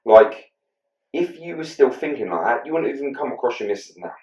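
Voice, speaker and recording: A man's voice: medium pitch, expressive, a little fast, a little mellow. A man hosting a casual podcast chat, candid and sweary, acting out snatches of dialogue. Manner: candid, swears freely, acts out bits of dialogue. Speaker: podcast host. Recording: echoey room, distant muffled mic.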